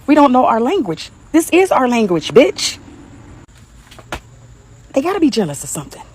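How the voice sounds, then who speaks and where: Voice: high voice, wildly swooping pitch, moderate pace, a little hiss or hum. A speaker with a Detroit accent giving a crude, laughing, mocking rant on social media.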